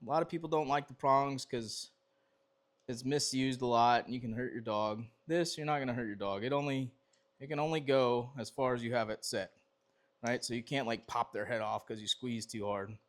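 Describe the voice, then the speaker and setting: A man's voice: mid-range voice, moderate pace. A man explaining dog obedience training in a casual, rambling way, often restarting his sentences.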